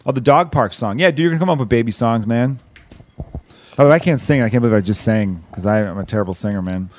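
Fast-talking man, casual podcast host. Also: medium pitch. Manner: swears a lot, rambling. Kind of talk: casual chat.

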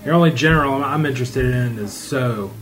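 A man's voice: mid-range voice, a little fast, low-quality recording. A man co-hosting a podcast in casual chat, rambling and playful, full of self-mocking jokes. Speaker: podcast co-host.

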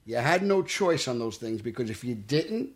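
A middle-aged man from Brooklyn with a Brooklyn accent, telling animated stories as a guest in a studio interview. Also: medium pitch, moderate pace. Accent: Brooklyn New York. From Brooklyn, New York. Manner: animated storytelling, tough-talking. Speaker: actor guest. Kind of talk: casual interview. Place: podcast studio.

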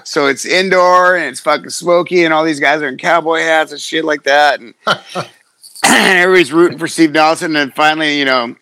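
A middle-aged man, a fighter, telling stories in casual chat, profane and animated, acting out quotes. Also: a little high, normal speed, smooth, no room sound. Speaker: guest, fighter.

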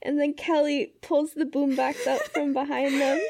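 A woman's voice: sits high, flat delivery, moderate pace, creaky, noisy background. A woman co-hosting a casual chat, chiming in with quips and giggles. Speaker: podcast co-host.

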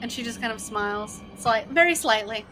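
Bright-voiced woman game master. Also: on the high side, lively intonation, a little fast, a little hiss or hum. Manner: rambling, many "like" fillers. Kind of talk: narrating a tabletop game.

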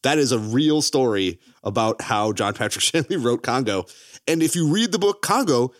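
A man's voice: medium pitch, moderate pace, no echo, clean studio sound. A man co-hosting a podcast, telling stories with lots of laughter in casual chat. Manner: animated storytelling, laughs often, swears.

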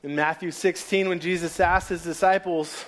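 High-voiced male preacher. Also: fairly even intonation, moderate pace. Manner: storytelling, dropping to quiet asides. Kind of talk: sermon.

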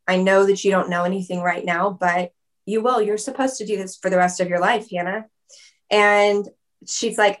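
Woman guest chatting away, lots of "like", laughs a lot, mid pitch. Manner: chatty, fillers of "like", laughs often. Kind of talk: casual interview storytelling.

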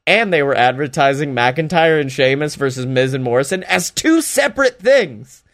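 Guy ranting thru a wrestling recap, cusses a lot, sarcastic, voice sits a bit high. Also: normal speed. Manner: profane, sarcastic, excitable, does mocking voices. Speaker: wrestling show reviewer. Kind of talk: casual recap podcast.

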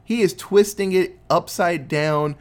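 A man hosting a casual chat, retelling a movie plot in animated, profane storytelling. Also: sits high, unhurried.

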